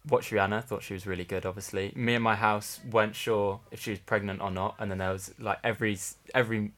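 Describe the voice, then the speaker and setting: A man's voice: fairly low pitch, steady tone, fast talker, fairly bright tone. A young man from England hosting a casual podcast, chatty with dry, wry humour. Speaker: podcast host. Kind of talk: casual chat.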